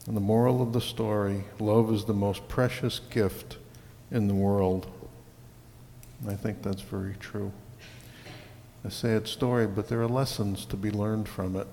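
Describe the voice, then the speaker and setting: Male pastor, unhurried sermon delivery, long church reverb, faint hum behind. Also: fairly low pitch, fairly even intonation, mellow. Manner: slow and deliberate, stirring bursts on key words.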